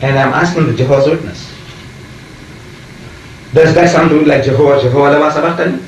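A man argues forcefully in a religious debate. He lectures and fires the same question again and again, his voice set fairly high. He sounds far from the microphone in an echoey room with a faint hiss behind him. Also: fairly even intonation, fast.

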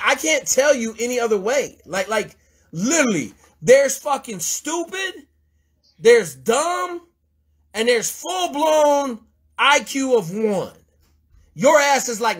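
A man with a very high, husky voice lectures in a blunt, profane rant. He is confrontational and swears constantly, hammering his point home. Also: expressive, a little slow, fairly bright tone. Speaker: host mentor.

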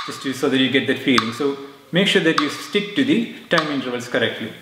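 A man teaching rhythm, explaining calmly and chanting rhythm syllables in time. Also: fairly high pitch, fast talker, noisy background. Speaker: music teacher. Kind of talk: rhythm lesson with spoken syllables. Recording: echoey room with clicking metronome.

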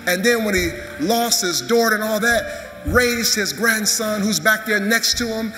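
Man, pastor, preaching, high voice, echoey hall, music behind. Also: unhurried, sharp tone. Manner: preaching, urging the crowd to clap. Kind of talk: sermon. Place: large church sanctuary.

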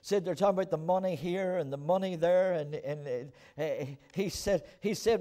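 Brief: fervent male pastor with a high-pitched voice, preaching a storytelling sermon to his church. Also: normal speed, hardly any pauses, dark tone. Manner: fervent preaching, tells stories and calls on the congregation to respond. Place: church auditorium.

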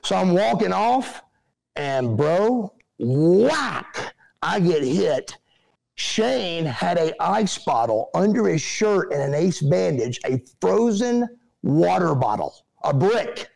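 A middle-aged man, a guest telling animated stories and acting out what people said. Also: high voice, creaky. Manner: animated, acts out quotes in other voices. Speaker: interview guest, former pro wrestler. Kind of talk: casual storytelling.

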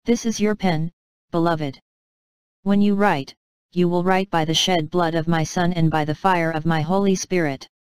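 A woman voicing a gentle, tender heavenly father. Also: on the low side, steady tone, moderate pace, smooth, dry recording, close to an everyday voice. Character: tender fatherly God, male, gentle and loving.

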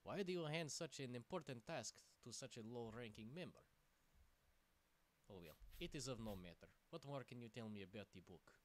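A man's voice: medium pitch, moderate pace, slight background noise, natural voice. A man putting on a mock Russian lizard adventurer. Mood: mock serious. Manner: exaggerated, deadpan self-narration.

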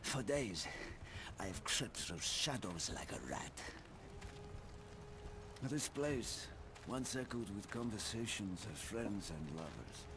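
An actor playing a grim, vengeful soldier, speaking slowly and solemnly. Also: male voice, on the low side, lively intonation. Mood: brooding. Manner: slow, solemn, brooding delivery. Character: grim vengeful Russian soldier, older man. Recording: noisy battle sound behind.

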